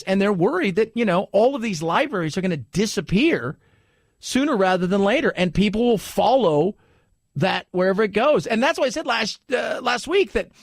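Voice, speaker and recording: A man hosting a talk radio show, commenting in an animated, rambling way with restarts. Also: sits high, no echo, clean studio sound.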